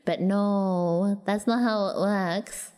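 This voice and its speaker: A woman's voice: medium pitch, fairly even intonation, slow pace, a little mellow, smooth. A woman with an Australian accent chats loosely with her livestream viewers and rambles from one thought to the next. She keeps restarting her sentences and giggling. Her voice sits in a middling register, and a long reverb tail trails behind her words. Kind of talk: casual chat with viewers.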